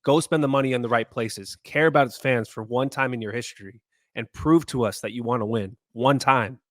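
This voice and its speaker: Fired up socal guy ranting on a sports podcast, mid-pitched, dry sound. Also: a little fast, dry recording. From Southern California. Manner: passionate, ranting. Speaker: podcast co-host. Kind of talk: casual podcast chat.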